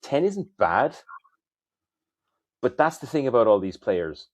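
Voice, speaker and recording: A man co-hosting a fantasy football podcast in casual chat, giving brisk rundowns with teasing banter. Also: mid-range voice, very animated, dry recording.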